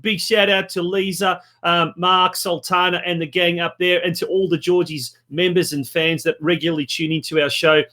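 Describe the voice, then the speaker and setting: A man's voice: sits high, flat delivery, normal speed, few pauses, sharp tone. An Australian man hosting a football podcast, upbeat and gushing as he welcomes listeners. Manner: upbeat, gushing, hype-style. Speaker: podcast host.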